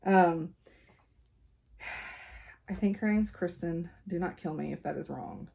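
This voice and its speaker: Woman, casual home craft vlogger, low-ish voice, chatty and rambling, laughs a lot. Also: a little slow, vocal fry, mellow, slight background noise. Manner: rambling, laughs often, many fillers. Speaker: cross-stitch vlogger.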